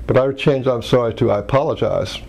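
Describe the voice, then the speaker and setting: Rambling male workshop teacher, mellow voice. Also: medium pitch, brisk, creaky, breathy edge. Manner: rambling, many restarts and fillers. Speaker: workshop presenter. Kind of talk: teaching commentary.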